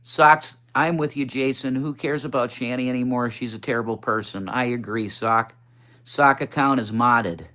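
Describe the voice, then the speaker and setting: A man hosting a casual livestream talks straight into his phone, answering viewers' comments at normal speed. His voice sits at an ordinary middle pitch but jumps higher when he gets excited, and he's blunt and swears a lot.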